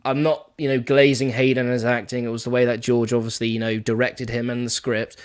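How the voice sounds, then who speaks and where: A man's voice: mid-range voice, flat delivery, fairly quick, clear, resonant tone. Rambling British man chatting. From United Kingdom. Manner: rambling, hedging with fillers. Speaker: guest. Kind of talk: casual livestream chat.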